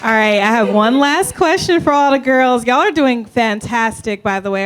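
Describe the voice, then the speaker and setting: An upbeat woman with a fairly high voice moderates a panel at a live event and puts questions to the panelists. A faint crowd murmur and light background noise sit behind her. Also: lively intonation, moderate pace, hardly any pauses. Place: live event room with audience.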